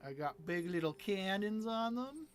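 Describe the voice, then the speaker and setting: A man streaming a video game in a playful, giggly way who swings between quiet muttering and excited outbursts. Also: sits high, unhurried, a little hiss or hum. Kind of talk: casual gameplay commentary.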